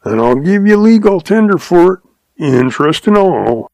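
Guy putting on a sly old cowboy, drawl, pitched way up, a bit gravelly. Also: very animated, normal speed, a little mellow, no room sound, full character voice. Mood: sly calm. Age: older. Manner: folksy drawl, patient and amused. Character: shrewd old male cowboy, calm and sly.

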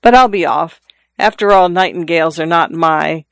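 A reader voicing a skeptical old man who teases and philosophizes, in a dry, clear studio recording. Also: medium pitch, moderate pace, a bit bright, dry recording. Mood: dismissive. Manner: wry, philosophizing, teasing.

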